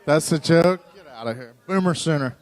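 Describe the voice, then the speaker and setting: A man's voice: fairly high pitch, normal speed. A man emceeing an assembly, coaxing and teasing the crowd with joking banter.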